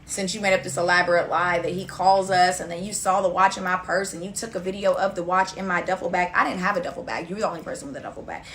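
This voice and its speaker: Bright-voiced young woman telling a story. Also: lowish voice, steady tone, quick pace, hardly any pauses, a little hiss or hum. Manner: blunt, profane, acts out quoted dialogue. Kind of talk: casual storytime rant.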